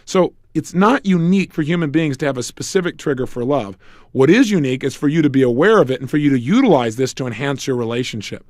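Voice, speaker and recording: A man's voice: medium pitch, lively intonation, fast talker, no room sound, studio quality. A middle-aged man giving a motivational self-help lecture, emphatic, asking rhetorical questions and acting out bits of dialogue.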